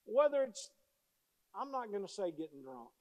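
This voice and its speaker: A man's voice: high-pitched, sing-song, normal speed. A male pastor preaching a sermon with emphasis, repeating key phrases as he tells stories.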